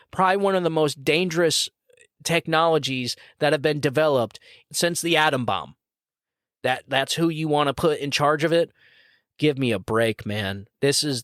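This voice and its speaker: A man's voice: on the high side, a bit bright, no room sound, studio quality. A man hosting his own podcast, giving blunt, indignant political commentary and often saying "come on, man". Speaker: podcast host.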